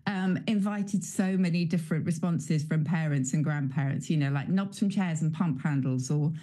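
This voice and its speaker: A woman's voice: deep voice, moderate pace, dark tone. A woman guest in a studio interview, talking in a chatty way with many fillers. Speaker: dialect guest.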